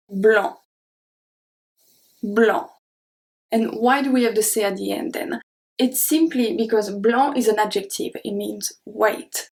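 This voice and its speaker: A young woman with a French accent teaching French pronunciation, repeating each example word slowly and clearly. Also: on the high side, rough recording. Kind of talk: pronunciation lesson.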